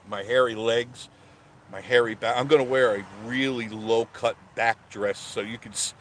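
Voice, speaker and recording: Man, live-stream host, loud sarcastic ranting, mid-pitched voice, faint outdoor hum, parked car. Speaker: live-stream host reading viewer comments. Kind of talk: casual live-stream chat.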